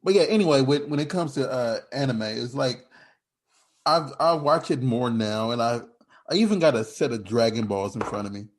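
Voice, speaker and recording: A man's voice: medium pitch, expressive, moderate pace. A man hosting a podcast in casual chat, rambling with frequent restarts and laughing as he talks. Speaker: podcast host.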